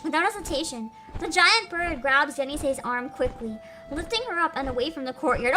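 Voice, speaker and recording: A young woman streaming a game, reading its text aloud and gushing excitedly between lines with frequent giggles. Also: high voice, fairly quick, music in the background. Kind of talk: game livestream, reading and reacting.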